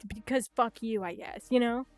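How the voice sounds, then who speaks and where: With a fairly high-pitched voice at a normal speed, this young woman is a VTuber chatting casually on a livestream over soft background music. She rants with lots of energy and swearing, doing impressions of other people's voices.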